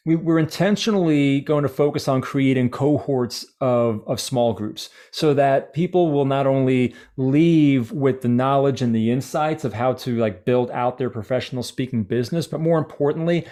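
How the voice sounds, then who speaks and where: A man's voice: medium pitch, normal speed, few pauses, warm tone. Eager man with many restarts. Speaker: speaker academy organizer. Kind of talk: casual video-call chat.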